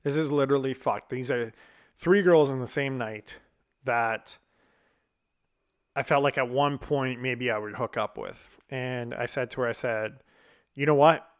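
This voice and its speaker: Speaking a bit slowly at medium pitch, a thirty-something man shares something from his own life in a blunt, offhand style. He curses without restraint and keeps laughing at himself.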